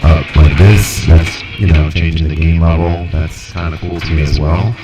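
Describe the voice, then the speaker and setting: A man's voice: rumbling low, steady tone, moderate pace. A man casually talking through a music recording setup on a live stream, thinking aloud and correcting himself as he goes. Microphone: studio microphone.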